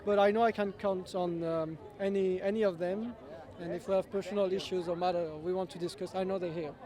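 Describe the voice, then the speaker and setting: A man at an outdoor red carpet premiere, joking and animated, speaking English as a second language. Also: high voice, a little fast, a faint crowd. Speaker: cast member. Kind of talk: casual red carpet chat.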